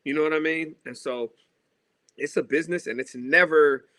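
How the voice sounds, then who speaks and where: A man from Seattle chats as a podcast guest, his voice bright and forceful and sitting a little high. He tells stories with lots of animation and acts out other people's lines. The sound is dry and close-miked. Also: moderate pace, no room sound. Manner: animated storyteller acting out quoted voices. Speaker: guest artist. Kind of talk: casual storytelling chat.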